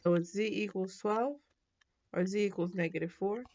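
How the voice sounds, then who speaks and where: Relaxed woman teaching math, lo-fi sound. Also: mid-range voice, moderate pace. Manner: relaxed, thinking aloud with frequent ums and self-corrections. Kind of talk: casual whiteboard lesson.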